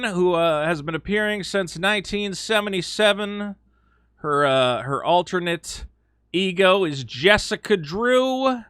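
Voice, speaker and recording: Smooth and on the high side, a male video host delivers casual, sarcastic opinion commentary with lots of animation, mocking quoted voices, and fillers. The studio-quality recording has no room sound.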